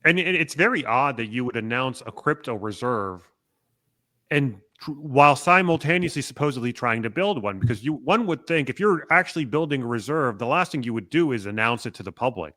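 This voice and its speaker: A man hosting an interview, reasoning through points in a measured way. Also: mid-range voice, expressive, bright, forceful tone. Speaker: podcast host. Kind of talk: interview conversation.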